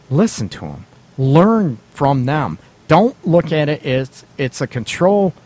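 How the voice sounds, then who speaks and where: A man's voice: mid-range voice, a little mellow. Brief: male radio advice host, blunt and casual, laughs a lot, acts out quotes. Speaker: radio show host giving relationship advice.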